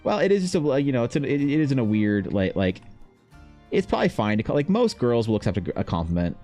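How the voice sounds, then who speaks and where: Streaming live, this young man talks fast in a warm, medium-pitched voice with big pitch swings. He rambles casually with his viewers, cursing freely and calling them all man or bro, as faint music plays in the background.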